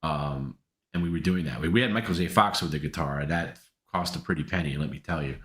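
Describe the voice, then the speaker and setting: A man's voice: rumbling low, a little fast, a bit bright, roomy sound. A man hosting a live stream, casually answering viewer comments in a rambling way with many restarts.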